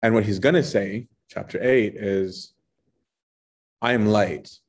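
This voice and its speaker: A man with a fairly low voice walks through scripture in a relaxed, conversational way. He keeps tagging his points with a quick "right?" to check his listeners are following. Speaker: Bible teacher. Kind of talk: casual Bible study teaching.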